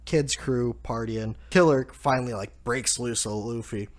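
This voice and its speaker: A man hosting a casual chapter review, relaxed, laughing often and saying "like" a lot. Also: mid-range voice, unhurried. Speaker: manga review host.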